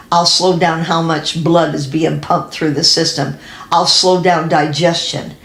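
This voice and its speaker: Earnest, slightly gravelly woman teaching in an echoey room. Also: low voice. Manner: earnest, confiding, many ums and restarts. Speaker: Christian women's fitness teacher. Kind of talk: personal faith-based health talk.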